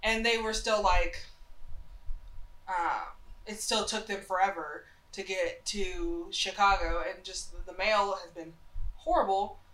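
A young woman from North Carolina co-hosts a casual talk show, chatting and rambling with lots of fillers as she shares her opinions. Her medium-pitched, slightly bright voice sounds nasal from a cold, and she speaks slowly. The recording is rough and reverberant.

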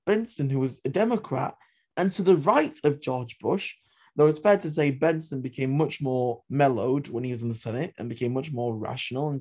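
A man's voice: medium pitch, a little mellow. A man hosting a history podcast, retelling events with passionate, opinionated asides. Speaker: podcast host.

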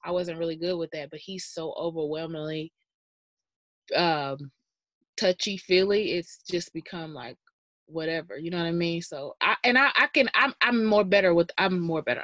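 A woman's voice: on the low side, moderate pace, a bit bright, dry recording. Joking woman co-host, dry close sound. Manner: joking, informal, trailing off. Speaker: podcast co-host. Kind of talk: casual podcast chat.

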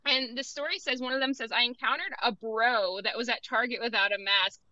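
Young female co-host, fairly high voice, chatty with fillers. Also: a little fast, pushed and bright, dry recording, muffled recording. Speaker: radio co-host. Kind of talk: casual radio chat. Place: college radio studio.

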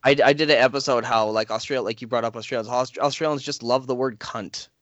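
A man's voice: mid-range voice, fairly even intonation, fast talker, fairly bright tone, no echo, dull audio. A man as a guest in a casual podcast chat, chatty and upbeat, laughing often.

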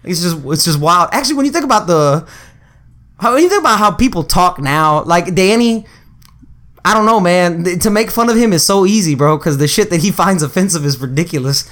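A man's voice: high-pitched, lively intonation, fairly quick, fairly bright tone. Young man in loose, profane, slangy chat. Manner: profane, slangy, laughs often. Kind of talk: casual chat.

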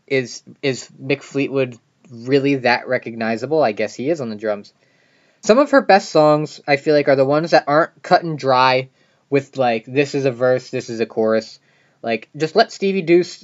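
A podcast host talks through an album in a loose, casual monologue. The speech is full of "like" and half-finished restarts. The recording sounds slightly muffled and lo-fi. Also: medium pitch. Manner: chatty, many "like" fillers and restarts.

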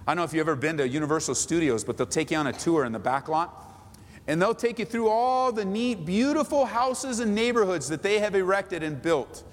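A man preaching a sermon as pastor, animated and dramatic, acting out prayers with big swings in pitch and loudness. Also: a little fast, long reverb tail.

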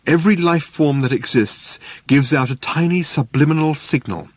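A man's voice: medium pitch, husky, no echo. A man reading a comic story aloud with a dry, wry delivery. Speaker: audiobook narrator. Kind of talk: scripted narration.

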